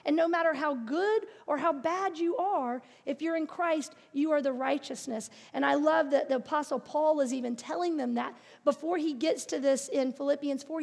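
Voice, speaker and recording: High-voiced woman preaching in a reverberant hall. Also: gravelly. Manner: earnest and encouraging, with playful asides. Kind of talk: sermon. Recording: long reverb of a large hall.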